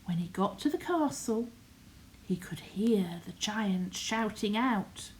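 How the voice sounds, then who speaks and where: An older woman reading a bedtime story in a soft, often half-whispered voice. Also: medium pitch, expressive, takes it slowly, a little hiss or hum, poor audio.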